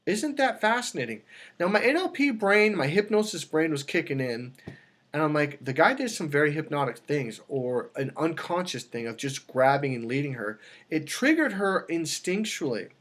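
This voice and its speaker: A man's voice: fairly high pitch, moderate pace. A man coaching on dating, talking casually to camera and telling a story with lots of restarts and self-corrections. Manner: animated storytelling, acts out quoted dialogue.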